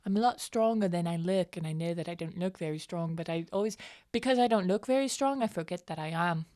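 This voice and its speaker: A woman's voice: lowish voice, quick pace, darkish tone, dry recording, studio quality, lightly acted. A woman voicing an earnest, blunt young farm woman who rambles when she apologizes. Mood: apologetic.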